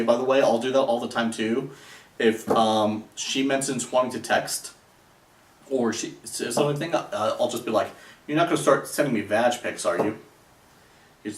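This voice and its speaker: A man giving casual dating advice in a sarcastic, rambling way, with many fillers. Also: mid-range voice. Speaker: dating coach. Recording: echoey room, voice a bit far from the mic.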